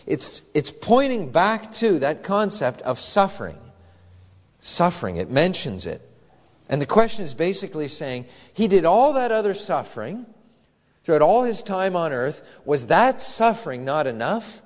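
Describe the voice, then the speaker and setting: A man's voice: a little high, sing-song, moderate pace, in a large hall. A male pastor preaching an earnest, emphatic sermon that is full of rhetorical questions.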